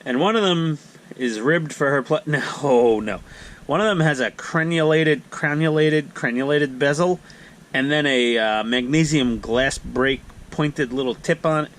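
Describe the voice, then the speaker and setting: A man's voice: a little high, a little slow, a bit bright. A man hosting a casual hobby build vlog at home, rambling with self-mocking jokes. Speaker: hobby channel host. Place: home basement hobby room.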